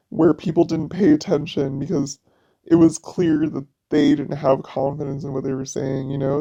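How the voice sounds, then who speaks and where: A woman's voice: sits low, dark tone. A woman in a personal vlog monologue, venting in a raw, profane way. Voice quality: gravelly vocal fry. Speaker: vlogger. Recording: dull lo-fi audio.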